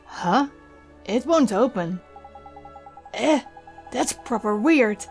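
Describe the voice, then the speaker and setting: Woman voicing a cocky little fairy guy, slangy, blunt, fairly high. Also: animated, slow, faint music behind. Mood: cheeky. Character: cheeky little male fairy sidekick. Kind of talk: reading game dialogue aloud.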